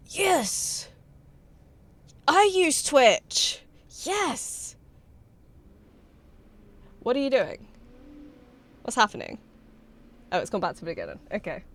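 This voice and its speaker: A young woman, streaming and chatting with her viewers in an excitable, bubbly way and swearing freely. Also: medium pitch. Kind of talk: casual livestream chat with viewers.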